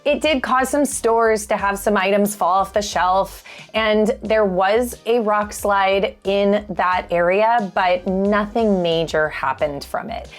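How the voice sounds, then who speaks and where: A woman from California, a realtor and channel host, giving a clear and upbeat scripted talk to camera. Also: mid-range voice, slow pace.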